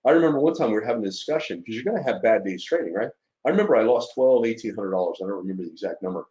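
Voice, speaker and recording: A man with a fairly low voice gives a casual webinar talk about his trading. He speaks earnestly and emotionally, full of fillers and little "right?" check-ins. The audio sounds dull and lo-fi. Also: expressive, rapid-fire, mellow. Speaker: trader presenting to fellow students.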